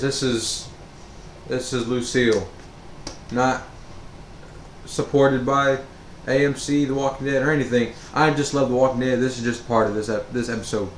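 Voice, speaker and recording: Male vlogger, mid-range voice, slow and rambling storyteller, roomy echo. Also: medium pitch. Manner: rambling, with many fillers and restarts. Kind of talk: storytime monologue. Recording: roomy echo with faint background noise.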